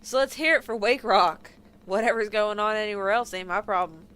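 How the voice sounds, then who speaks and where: A woman voicing a cranky, boastful old ship captain with a folksy, gruff and dismissive way of talking. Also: medium pitch, fairly quick, fairly bright tone, lightly acted.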